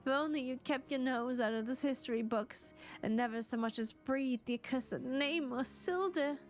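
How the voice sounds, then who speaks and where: A woman voicing a frantic, grieving old mother, wailing and melodramatic with a rough put-on accent. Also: high voice, moderate pace, faint music behind, lightly acted. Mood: mournful.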